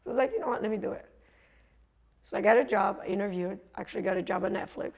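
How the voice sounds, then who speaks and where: A woman's voice: medium pitch, fast, gravelly. A woman coach telling a personal story in a chatty way, laughing often and acting out what others said. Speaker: coach and speaker.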